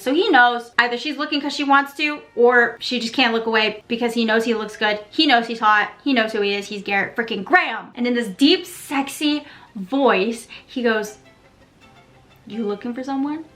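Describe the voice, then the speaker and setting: Woman, twenties, casual recap, gossipy, playful, sassy, bright voice, faint background music. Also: a little high, fairly quick, hardly any pauses. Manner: playful and gossipy, sassy asides and acted quotes. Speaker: video creator recapping a TV episode.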